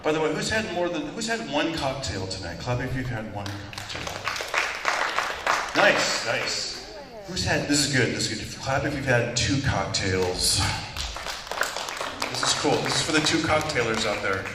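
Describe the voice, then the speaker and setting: A man doing lively stand-up with a bouncy, animated pitch. He jokes his way along and drops into silly voices. He is heard from a distance in a big, echoing hall with a long reverb and a crowd behind him. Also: normal speed, heavy background noise. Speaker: stand-up comedian. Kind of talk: stand-up comedy set. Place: large theater stage with spotlights. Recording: echoey hall, far mic, crowd. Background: audience laughing and clapping.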